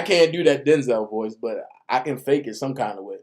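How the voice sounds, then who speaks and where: A man's voice: mid-range voice, lively intonation, normal speed, hardly any pauses. A man giving casual commentary as a vlogger, talking in slang and reading documents aloud.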